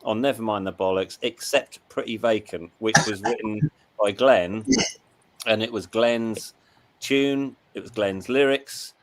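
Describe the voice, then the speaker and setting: A man with a fairly low voice reads questions from the chat and answers at length. He explains in detail and rambles a little. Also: a little slow, slight background noise. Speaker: co-host reading the chat. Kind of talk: casual chat.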